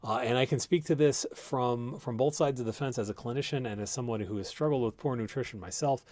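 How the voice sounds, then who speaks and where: A man talks through health findings in a relaxed, explanatory way, often stopping to restart a thought. His voice sits at an ordinary middle pitch. It sounds close and dry, with no room echo. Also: fairly quick. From United States. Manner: conversational, explanatory, many fillers and restarts. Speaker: host and clinician. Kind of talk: live-stream health talk, reading viewer comments.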